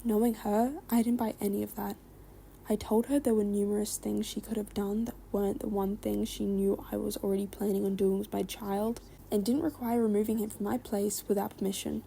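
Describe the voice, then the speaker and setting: Woman reading stories, gravelly dark voice. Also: medium pitch, brisk, slight background noise. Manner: even, conversational reading with brief asides. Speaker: story reader. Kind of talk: reading online stories aloud.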